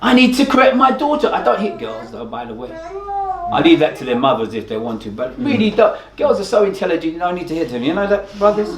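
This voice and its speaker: Man going off in a group talk, high voice bouncing all over, echoey room with people around. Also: quick pace, a crowd in the background. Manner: emphatic, expressive, acts out quotes. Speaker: study group speaker. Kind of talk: animated group discussion. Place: meeting room with listeners.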